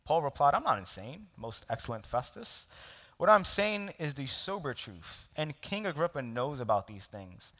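A man's voice: on the high side, very animated, normal speed, bright, forceful tone. A man preaching a sermon, telling a personal story with laughs and asides to the congregation. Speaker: pastor. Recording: long hall reverb.

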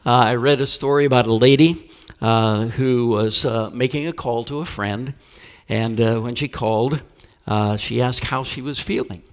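A man's voice: medium pitch, moderate pace. A man pastor preaching a sermon, telling stories and acting out the voices of the people in them. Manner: storytelling with acted-out voices.

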